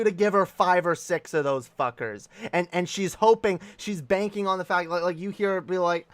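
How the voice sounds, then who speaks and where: A male streamer giving a loud, profane comedic rant, repeating himself for emphasis. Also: fairly high pitch, normal speed, hardly any pauses, no echo.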